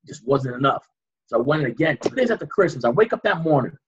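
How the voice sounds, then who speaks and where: A man, a guest on an interview show, recounting a dramatic personal story with vivid, animated reenactments. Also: fairly high pitch, fast, breathy edge, muffled recording.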